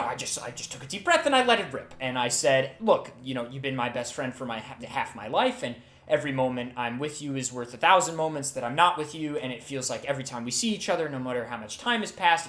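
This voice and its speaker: A man's voice: medium pitch, a bit bright, lightly acted. Man playing a grieving man retelling his lost love, stumbling over words, roomy echo, faint music underneath. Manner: halting, emotional storytelling.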